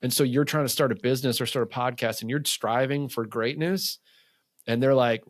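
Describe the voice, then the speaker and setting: Fast-talking man in a casual podcast chat. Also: medium pitch, no echo, clean studio sound. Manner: fast, loose talk full of fillers, acts out quotes. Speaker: men's coach and podcast guest. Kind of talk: casual interview conversation.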